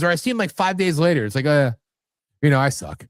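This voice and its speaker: A man's voice: on the high side, big pitch swings, fast talker, no room sound, clean studio sound. A man hosting a live internet radio show with an American accent, rambling and cursing in casual, self-deprecating chat. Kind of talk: casual late-night chat.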